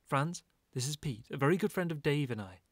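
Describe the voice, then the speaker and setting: A man's voice: fairly high pitch, animated, a little fast, husky, no room sound, studio quality. A man voicing a proud, emotional gallery owner who talks in a friendly, earnest way. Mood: proud, warm.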